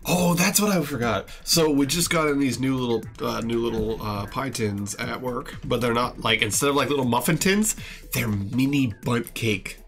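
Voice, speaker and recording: A man from the southern United States chats in a loose, joking way. He keeps up an easy back-and-forth, and clear background music plays behind him the whole time. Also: mid-range voice, normal speed, a bit bright. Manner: joking, playful, chatty. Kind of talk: casual chat.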